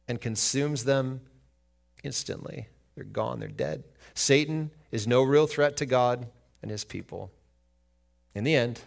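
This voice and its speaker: Male pastor, sermon, emphatic, asks and answers questions, mid-pitched voice. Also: animated, moderate pace, creaky.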